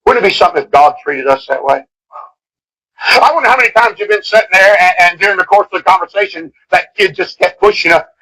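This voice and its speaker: Middle-aged preacher guy on an old cassette tape, bright forceful voice pitched a bit high, goes from shouting to quiet. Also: rough recording. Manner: impassioned, swings from shouting to hushed. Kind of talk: sermon.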